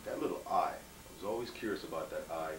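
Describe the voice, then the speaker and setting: A man's voice: low-pitched, fast. A man hosting a casual chat, asking curious, prompting questions. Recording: echoey room, mic far off, faint noise.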